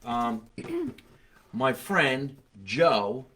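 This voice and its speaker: A man's voice: medium pitch, wildly swooping pitch, extremely slow, bright, forceful tone. Joking man. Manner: joking, self-deprecating. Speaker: host. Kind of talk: casual chat.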